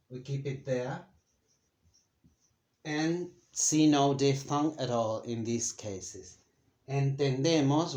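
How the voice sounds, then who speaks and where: Slow, deliberate male language teacher. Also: medium pitch, darkish tone. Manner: slow and deliberate with many fillers and pauses. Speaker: Spanish teacher. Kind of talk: slow, careful grammar lesson. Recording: echoey room.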